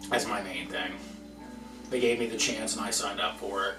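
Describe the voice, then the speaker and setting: Give me a halting New York lawman, played by a man, recorded from across a room with music playing. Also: fairly low pitch, steady tone, lightly acted. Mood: wry. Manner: thick accent, hesitant and halting. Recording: roomy, far-off mic with music behind.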